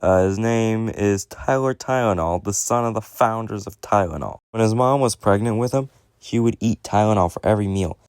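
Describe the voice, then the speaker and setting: A man telling a rambling, deadpan mock stand-up story to a pretend audience. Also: on the low side, moderate pace, clean tone, no room sound, clean studio sound.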